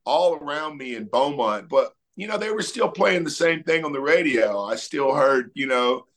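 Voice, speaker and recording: A man's voice: fairly high pitch, moderate pace. A middle-aged man, a musician talking casually in an interview and telling stories loosely with many fillers. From Texas. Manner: relaxed storytelling, many fillers. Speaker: musician guest.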